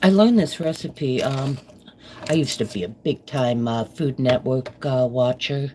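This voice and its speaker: This live-stream cooking vlogger, a middle-aged woman, talks with a bass voice that is a little slow and darkish in tone. She rambles amiably to her audience as she cooks at home. Chopping and kitchen clicks can be heard beneath her voice.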